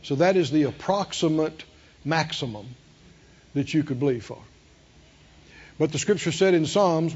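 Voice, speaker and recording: A man's voice: a little high, lively intonation, a little slow, long pauses, darkish tone, slightly rough, muffled recording. A man preaching a sermon, emphatic and repeating his phrases, with call-and-response to the congregation. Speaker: pastor.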